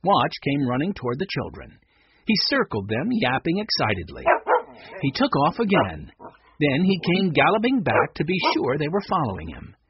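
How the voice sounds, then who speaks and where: A man narrating a children's storybook with a lively, expressive reading. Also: a little high, normal speed, dull audio.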